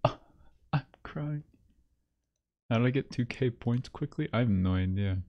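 On a livestream, a man chats casually and rambles between bursts of laughter and mock self-pity. His mid-range voice moves fairly quickly, and the recording is muffled.

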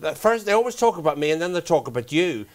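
A man, a former TV presenter chatting as a guest with quick wit. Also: on the high side, very animated. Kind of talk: casual chat show banter.

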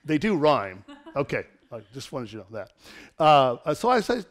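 A middle-aged man preaching an online sermon as pastor, lively and given to laughing asides and dramatic storytelling. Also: medium pitch, moderate pace.

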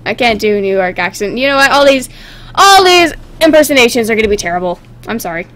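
A woman's voice: on the high side, animated, fairly quick, fairly bright tone. A woman giving casual, playful commentary while playing a game, often giggling and joking. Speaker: gamer.

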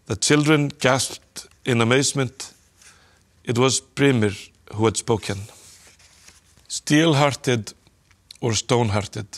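Calm male narrator, storybook reading, mid-pitched. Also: slow.

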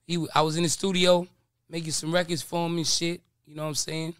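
A man's voice: on the high side, little pitch movement, brisk, fairly bright tone, clean tone, no echo, clean studio sound. A man hosting a podcast, trading brash, teasing banter with plenty of swearing. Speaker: show host.

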